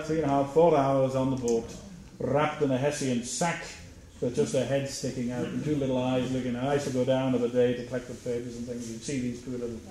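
A man's voice: medium pitch, warm tone. Older man reminiscing, very echoey room. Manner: anecdotal, chuckling, halting with fillers. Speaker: interviewee. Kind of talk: oral history reminiscence. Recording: very echoey room, faint hiss.

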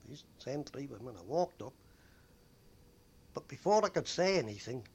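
An older man telling stories from his days as a bus conductor, rambling with frequent pauses and fillers. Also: mid-range voice, sing-song, a little mellow, breathy edge, dull audio. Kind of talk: oral history reminiscence.

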